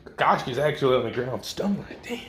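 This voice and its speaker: Man, channel host, casual fan storytelling, slangy, lots of fillers and swearing, mid pitch, echoey room. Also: normal speed, slight background noise. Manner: loose, slangy, with frequent fillers and profanity. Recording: roomy echo.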